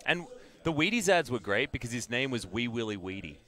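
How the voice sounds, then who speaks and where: A young Australian man casting an esports match, joking and animated between plays. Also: medium pitch, brisk, a loud crowd. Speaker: esports caster. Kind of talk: play-by-play commentary and banter.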